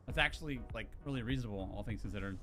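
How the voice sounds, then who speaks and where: A man's voice: lowish voice, rapid-fire, over music. A young man streaming a game, chatting in a rambling, laid-back way, full of filler words. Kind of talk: casual chat while gaming.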